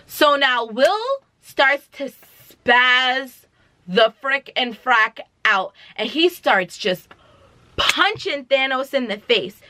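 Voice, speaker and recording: A woman's voice: high voice, expressive, slow pace, sharp tone. A young woman vlogger chatting through a movie recap in a dramatic, slangy way.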